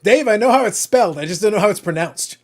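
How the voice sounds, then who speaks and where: A man's voice: high voice, expressive, quick pace. A man hosting a casual hobby livestream, teasing his guests in a playful, mock-bossy way. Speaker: livestream host.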